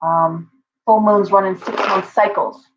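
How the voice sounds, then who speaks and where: A woman's voice: mid-range voice, fairly even intonation, a little slow, lo-fi sound, noisy background. A woman hosting a casual livestream from home, chatting in a rambling way with viewers and her pet bird. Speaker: livestream host and tarot reader.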